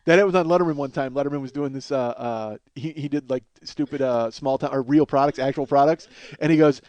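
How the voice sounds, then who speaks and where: A man's voice: mid-range voice, fast talker, darkish tone, no room sound, muffled recording. A man in his forties hosting a comedy podcast, rambling through absurd running bits and laughing at his own jokes. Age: 40s.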